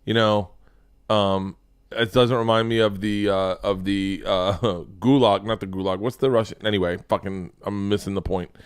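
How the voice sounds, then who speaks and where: A man hosting a show, giving sarcastic, profane running commentary on videos in an animated way. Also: lowish voice, normal speed, smooth, no room sound, studio quality. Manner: animated, sarcastic, swears a lot. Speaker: show host.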